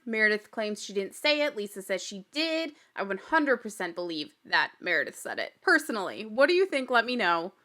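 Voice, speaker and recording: A woman recaps a reality show on her podcast in a chatty, gossipy way, her voice sitting a little high. She talks casually and often slips into laughter. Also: sharp tone. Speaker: podcast host.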